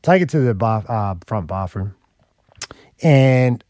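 Animated Australian man telling a story. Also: medium pitch, slow pace, dry recording, clean studio sound. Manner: animated, emphatic, frequent "man" and "mate" fillers. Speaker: radio show host. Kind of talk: casual storytelling chat.

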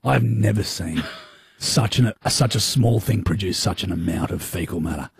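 An Australian man in his thirties, a radio co-host, tells a story in chatty, slangy banter. His voice sits low with vocal fry and a breathy edge, at normal speed, captured as a dry, clean studio recording.

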